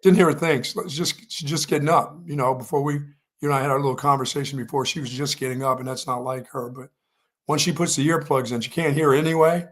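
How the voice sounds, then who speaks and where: Male co-host, relaxed rambling storyteller, stammers and repeats, mid-pitched. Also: quick pace. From Pennsylvania. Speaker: sports radio co-host. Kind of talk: casual morning show chat.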